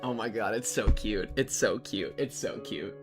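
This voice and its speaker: A young man streaming a game, chatting to his viewers in a rambling, jokey, excitable way and sometimes reading the game text aloud. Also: fairly low pitch, normal speed, soft background music. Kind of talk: casual game-reaction commentary.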